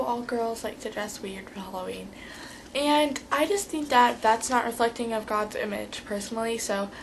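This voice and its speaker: A woman's voice: a little high, a bit bright, a little hiss or hum, low-quality recording. A teenage girl giving a rambling, chatty vlog tutorial, full of fillers. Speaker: vlogger.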